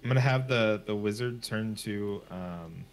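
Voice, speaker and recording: A man's voice: on the low side, unhurried. A man playing a tabletop game, repeating and restarting words as he describes what his character does. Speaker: player. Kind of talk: casual tabletop game chat.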